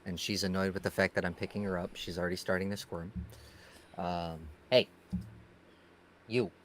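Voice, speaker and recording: A man's voice: deep voice, fairly even intonation, moderate pace, a little hiss or hum. A man, a podcast guest, chatting casually, laughing often and repeating words as he goes. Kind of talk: casual chat.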